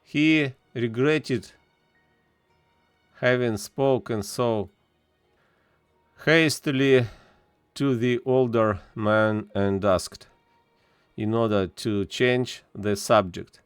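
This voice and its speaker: A man reading a novel aloud as narrator, measured and deliberate, with an occasional filler. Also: mid-range voice, clean tone, no echo, soft background music. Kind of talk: audiobook reading.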